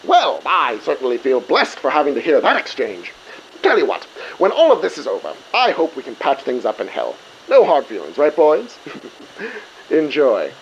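A man's voice: fairly high pitch, wildly swooping pitch, moderate pace, vocal fry, lo-fi sound, a little hiss or hum, heavily acted. A man playing a smug scheming villain. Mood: smug menace. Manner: condescending, mocking. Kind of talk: audio drama acting.

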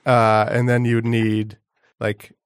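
A man's voice: mid-range voice, monotone, slow, smooth, dry recording. A man chatting casually on a podcast, telling stories in a dry, self-deprecating way. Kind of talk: casual chat.

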